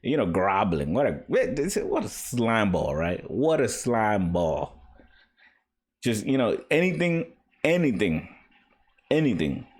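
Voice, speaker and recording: A man's voice: on the low side, very animated, slow pace, breathy edge. Rambling, opinionated man reviewing manga. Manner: rambling, opinionated, lots of fillers. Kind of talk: casual spoken review. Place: home basement.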